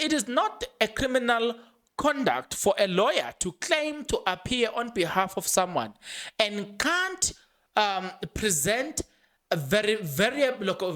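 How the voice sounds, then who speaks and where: This South African podcast host talks excitedly about a court case, laughing often and mixing Zulu phrases into his English. His voice sits high.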